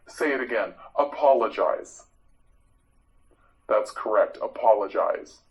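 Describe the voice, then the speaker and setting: A man teaching English vocabulary to learners, repeating each word clearly and praising patiently. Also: mid-range voice, slow, lo-fi sound. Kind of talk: vocabulary drill lesson for learners.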